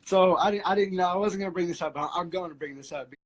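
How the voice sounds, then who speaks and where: A man's voice: high-pitched, fast talker, low-quality recording. Rambling man on a livestream. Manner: rambling, many fillers and restarts. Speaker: livestream host. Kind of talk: casual spiritual chat.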